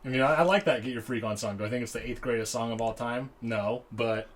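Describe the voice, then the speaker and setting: A man's voice: mid-range voice, quick pace, a little hiss or hum. A man co-hosting a podcast in easygoing casual chat, often trailing off into fillers and repeated words. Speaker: podcast co-host.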